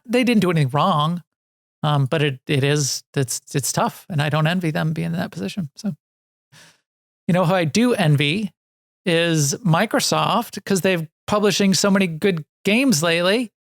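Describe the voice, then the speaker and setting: A man's voice: a little high, creaky, dry recording, studio quality. A man co-hosting a video game podcast, chatting casually in a rambling, self-deprecating way with lots of restarts. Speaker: podcast co-host. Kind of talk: casual chat about video games.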